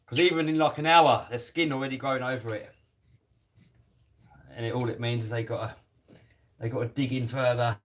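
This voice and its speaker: A man's voice: mid-range voice, fairly even intonation, fairly quick, pauses often, background noise. A man with a British accent chatting on a live stream while he works on a radio-controlled car, reading out viewer comments and laughing easily. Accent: British English. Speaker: RC hobby YouTuber reading live chat.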